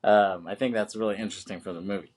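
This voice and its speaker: A man's voice: fairly low pitch, fairly even intonation, quick pace, darkish tone. A man co-hosting a podcast, casually recapping a film with lots of fillers and laughs. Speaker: podcast co-host.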